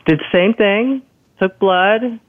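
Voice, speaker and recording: A woman's voice: mid-range voice, slow, no room sound. Woman telling her own story on a phone line, dry tinny sound, acts out the quotes. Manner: lively retelling, acts out quoted doctors. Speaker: guest telling a personal story. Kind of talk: casual storytelling.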